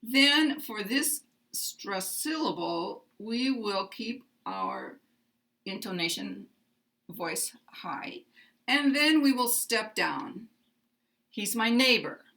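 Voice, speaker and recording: An American woman teaching pronunciation, speaking slowly and deliberately and modeling example phrases with exaggerated rises and falls in pitch. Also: sing-song, bright, forceful tone.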